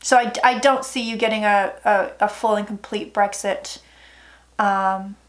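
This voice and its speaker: A woman's voice: mid-range voice, fairly even intonation, unhurried. A woman psychic giving a casual tarot reading vlog, chatty and emphatic, often dropping into murmured asides.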